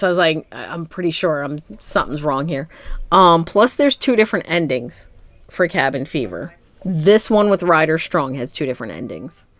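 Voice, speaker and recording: Woman rambling about movies with a low voice, dry close sound, laughs a lot. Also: no room sound. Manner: rambling, playful, laughs often. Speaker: podcast co-host. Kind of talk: casual chat.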